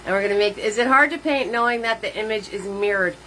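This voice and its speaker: A woman's voice: mid-range voice, fast talker, bright, forceful tone, poor audio. A woman hosting a live painting lesson. She chats cheerfully with viewers, greets each one by name with pet names, and laughs often between steps. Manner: playful made-up words.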